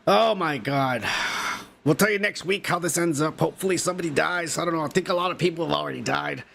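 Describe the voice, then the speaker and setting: A male podcast host, drunk and high, rambling through profane, joking commentary. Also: fast talker, creaky, fairly bright tone, slight background noise. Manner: profane, rowdy, jokey.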